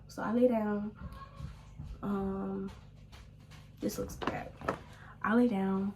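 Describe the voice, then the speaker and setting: A young woman telling a story casually while she does her makeup at home, often dropping to a hushed whisper. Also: mid-range voice, little pitch movement, slow, long pauses, background noise. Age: young adult. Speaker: vlogger. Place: at home, doing makeup at a small mirror.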